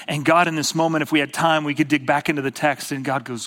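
A man's voice: a little high, fairly even intonation, fast, hardly any pauses. Man preaching in a long-echo hall. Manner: conversational storytelling, rises to emphatic bursts, drops to hushed quiet. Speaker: pastor. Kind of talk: sermon. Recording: long reverb of a large hall.

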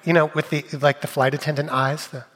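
A man preaching a sermon, telling funny stories with lively delivery and dropping to quiet, serious asides. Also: a little high, fairly quick, long reverb tail, slight background noise. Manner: animated, jokey storyteller, shifting between loud bits and quiet asides. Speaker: pastor. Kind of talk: sermon with comic storytelling.

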